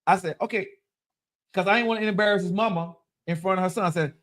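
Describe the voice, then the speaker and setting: A man in his thirties telling a profane story in a lively, dramatic way, checking in with "right?" again and again. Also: sits high, fast talker. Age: 30s. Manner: animated, dramatic, repeats "right?". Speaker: storyteller on a live-streamed talk show.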